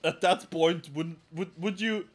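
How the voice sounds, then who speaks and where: A man's voice: high voice, fairly even intonation, a little slow. A man hosting a crude comedy podcast, swearing a lot, laughing often and mocking people in put-on voices. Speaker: podcast host.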